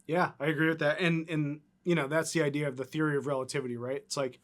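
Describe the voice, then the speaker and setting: A man co-hosting a podcast in casual chat, animated and rambling, filling his talk with "like" and "right?". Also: on the high side, fast. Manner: animated, rambling, lots of 'like' and 'right?'. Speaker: co-host.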